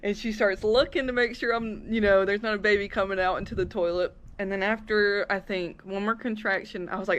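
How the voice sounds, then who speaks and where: A young woman casually telling her birth story as a vlogger, animated and acting out her own yells and quotes. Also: mid-range voice, moderate pace.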